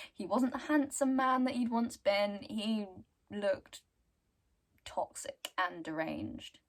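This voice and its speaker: Young woman, casual story retelling, giggly chatty delivery, slow pace. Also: mid-range voice. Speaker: book reviewer.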